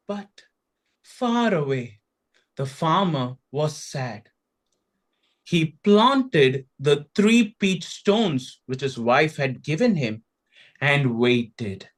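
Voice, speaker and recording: A man from India, telling a folktale slowly and expressively with dramatic pauses. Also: high-pitched, fairly bright tone. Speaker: storyteller.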